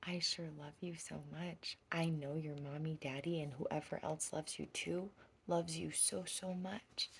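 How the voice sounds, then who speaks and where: A woman voicing a playful, affectionate childlike frog in whispered role-play, with soft gasps and a singsong lilt. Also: low voice, a little hiss or hum. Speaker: children's storyteller.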